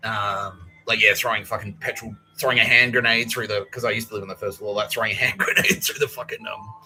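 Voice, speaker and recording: A man's voice: fairly low pitch, steady tone, fast, pushed and bright, faint music behind, poor audio. A man hosting a podcast, talking in a profane, laughing, rambling monologue. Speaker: podcast host.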